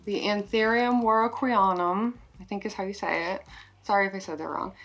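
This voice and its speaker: A woman vlogging an unboxing of plant gifts, emotional and excited, swearing in delight and stumbling over plant names. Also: medium pitch, moderate pace, faint music behind. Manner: profanity-laced exclamations. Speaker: plant YouTuber. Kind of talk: unboxing vlog chat.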